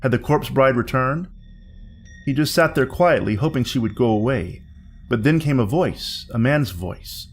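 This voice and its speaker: A man narrating a scripted horror story in a measured, suspense-building way. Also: mid-range voice, lively intonation, slight background noise.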